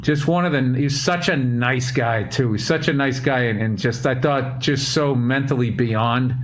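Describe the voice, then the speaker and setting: A man's voice: medium pitch, normal speed. Guy rambling thoughtfully on a call, swears some, bit of background hiss. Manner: reflective, rambling, profane. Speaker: podcast host. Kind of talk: casual chat.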